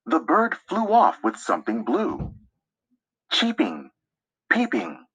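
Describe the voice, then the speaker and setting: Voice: mid-range voice, wildly swooping pitch, takes it slowly, fairly bright tone, breathy edge, no room sound. A reader giving a children's picture-book read-aloud in a sing-song way, imitating the bird calls. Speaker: storybook reader.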